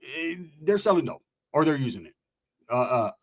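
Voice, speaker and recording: A man's voice: medium pitch, big pitch swings, normal speed. A man from Central California telling a comedic story in rambling, profane street slang.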